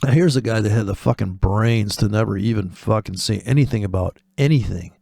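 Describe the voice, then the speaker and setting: A man's voice: fairly low pitch, brisk, gravelly, dark tone, no room sound, clean studio sound. A man hosting a trading video, talking in a rambling, sardonic, profane way, drifting off on tangents and acting out imagined voices. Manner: acts out imagined voices in quotes. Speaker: forex trading video host. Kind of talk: rambling casual monologue.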